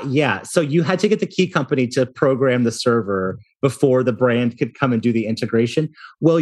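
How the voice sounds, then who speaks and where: A man's voice: medium pitch, husky. A man in his thirties, a hotel company founder, telling self-deprecating stories in a casual interview and laughing often.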